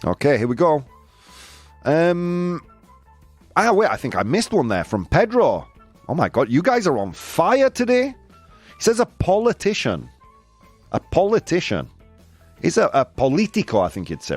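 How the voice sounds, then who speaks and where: A man's voice: on the high side, huge pitch swings, moderate pace, pauses often. Playful guy hosting a quiz for his stream chat, voice jumps around a lot, faint music behind. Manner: playful, laughing, reading out viewer answers. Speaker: host. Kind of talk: live-stream game show with chat.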